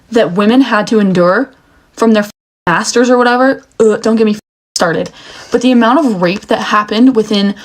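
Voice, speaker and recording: Young woman, indignant online rant, slightly high voice, frequent restarts. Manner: heated, indignant, restarts often. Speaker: social media commenter. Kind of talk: emotional rant to camera.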